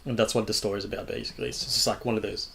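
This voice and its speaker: A young man with a lowish voice hosts a podcast in casual chat. He rambles loosely and swears freely as he goes. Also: big pitch swings, very fast, creaky, a bit bright. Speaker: podcast host.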